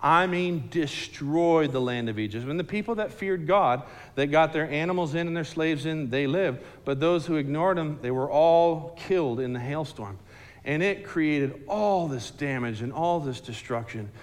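A man telling a Bible story to a group in a casual, animated, slangy way, asking the listeners questions directly. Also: fairly high pitch, moderate pace, big-room sound.

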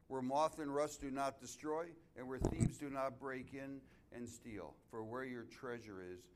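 A middle-aged male pastor preaching a sermon in church, telling a story with many restarts and building to loud, emphatic climaxes. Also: mid-range voice, a little slow, hardly any pauses, slight background noise. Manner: storytelling, repeats and restarts phrases, rises to loud emphatic peaks.

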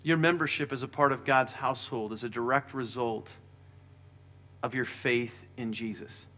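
A man preaching a sermon as pastor, earnest, with quieter stretches when he reads scripture. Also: medium pitch, fairly even intonation, moderate pace.

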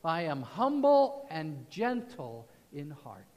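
Male pastor preaching, fairly high voice, goes loud then real hushed, long hall echo. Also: lively intonation, unhurried, slight background noise. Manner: swings from loud proclaiming to soft hushed tones. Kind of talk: sermon.

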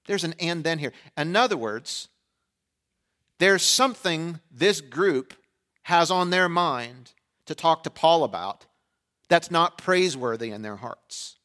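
A man's voice: on the high side, lively intonation, slow pace, bright, forceful tone. A middle-aged man from Pennsylvania preaching a sermon in a conversational way, with sarcastic asides and quoted voices acted out. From Pennsylvania, USA. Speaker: pastor.

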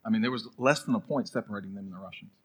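A man preaching a sermon as pastor, telling a story, then swinging between loud urging and a hushed, prayerful hush. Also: fairly low pitch, racing, slightly rough, low-quality recording.

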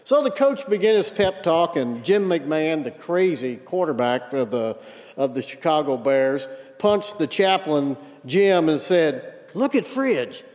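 A man's voice: fairly high pitch, expressive, a little slow, a little mellow. A man preaching a sermon, telling a story and then driving home his point with emphasis. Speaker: pastor. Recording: dull sound with long hall reverb.

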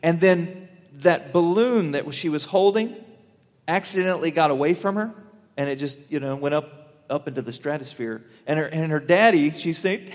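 A young man preaching a sermon, earnest, swelling louder on key lines and dropping softer while telling stories. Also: on the high side, moderate pace. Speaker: pastor. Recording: long hall reverb.

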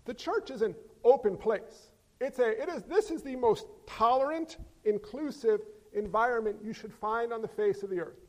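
High-pitched guy preaching in a church, goes loud then real quiet, big echoey hall sound. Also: normal speed. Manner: animated, swings from loud exclamations to hushed emphasis. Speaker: pastor. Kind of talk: sermon. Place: church sanctuary. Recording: long hall reverb.

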